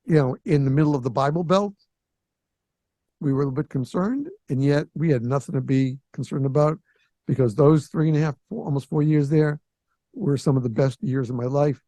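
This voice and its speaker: A man in his sixties hosting a podcast, telling a story in a lively way and acting out the voices of the people in it. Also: on the high side, fairly quick, dry recording. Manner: animated storyteller who acts out quoted voices. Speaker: podcast host. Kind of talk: casual storytelling.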